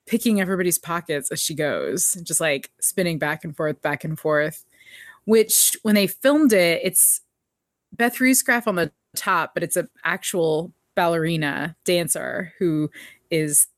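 A woman with a fairly low voice co-hosts a podcast, recapping things casually at a measured pace. She's chatty, laughs lightly and often, and quotes characters, and the recording sounds dry and close with no echo.

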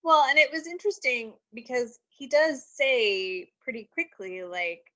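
A woman chatting casually about a TV episode, reasoning things through in a measured way. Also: high-pitched, bright, forceful tone, low-quality recording. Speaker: podcast co-host. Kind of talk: casual recap chat.

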